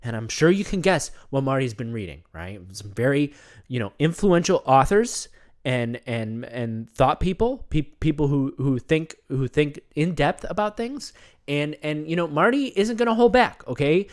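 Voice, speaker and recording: A man's voice: on the high side, expressive, normal speed, natural voice. A man doing an earnest third-person self-care guru. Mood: preachy. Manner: talks about himself in the third person; earnest, rambling, repeats himself. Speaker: comedic wellness persona. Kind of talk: comedic character monologue.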